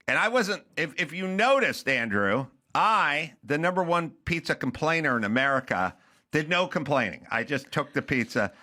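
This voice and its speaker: This is a man in his sixties hosting a talk podcast, spinning a petty grievance into a full comic rant. His pitch swings widely and his tone is bright and pushy, full of exasperated mock outrage. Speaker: podcast host. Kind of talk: comedic ranting chat.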